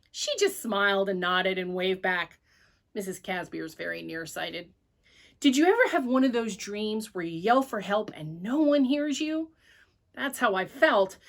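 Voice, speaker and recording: A woman reading a children's story aloud at church with an expressive, animated delivery. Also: on the high side.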